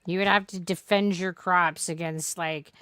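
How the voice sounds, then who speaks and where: A woman's voice: lowish voice, steady tone, moderate pace, a bit bright, clear, resonant tone, dry recording. A woman streamer chatting through a farming game, rambling and joking with plenty of swearing. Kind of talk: casual gameplay commentary.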